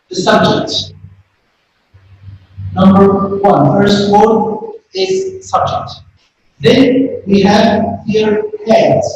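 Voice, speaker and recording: A man teaching a grammar lesson, speaking slowly and repeating key words for emphasis. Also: high voice, a little mellow, a little hiss or hum. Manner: slow, repetitive, stresses key words. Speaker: high school English teacher. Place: classroom. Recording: echoey room, voice from a distance.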